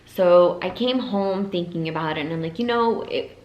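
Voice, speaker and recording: A young woman telling a personal story to her viewers, emotional and halting, her voice sometimes dropping to a whisper. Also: on the low side, highs cut off. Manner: emotional, pausing, voice breaking into whispers. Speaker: vlogger. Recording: echoey room, faint ambience.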